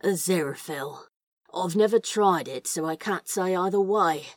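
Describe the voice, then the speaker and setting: A woman's voice: lowish voice, normal speed, dry recording, clean studio sound, close to an everyday voice. A woman voicing a nervous, awkward man who stammers and hesitates, in a fan audio drama. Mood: flustered.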